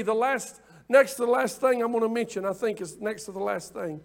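A man preaching a sermon, impassioned and repetitive at times, then dropping into quiet asides. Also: high voice, fairly quick, creaky, hardly any pauses. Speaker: pastor.

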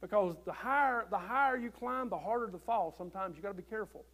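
Folksy high-voiced preacher. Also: male voice, fast. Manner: folksy preaching, quoting scripture, rising loud on quotes. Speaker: pastor. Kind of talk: sermon. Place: church.

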